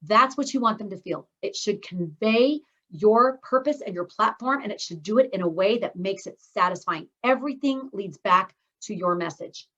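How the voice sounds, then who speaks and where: A woman's voice: mid-range voice, expressive, moderate pace, a bit bright. A middle-aged woman coaches a speaking course in an upbeat, encouraging voice. She talks straight to her students as she teaches. Her voice comes through a video call with slightly dull, lo-fi sound.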